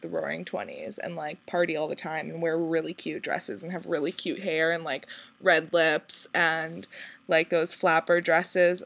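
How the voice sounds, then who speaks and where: A woman's voice: lowish voice, dry recording. A young woman answering viewer questions in a casual vlog, giggling, swearing freely and rambling with lots of "like". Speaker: vlogger on a shared channel.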